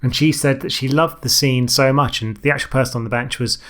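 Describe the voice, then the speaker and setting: Fast-talking male podcast co-host. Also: mid-range voice, steady tone, a bit bright. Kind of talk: casual film review chat.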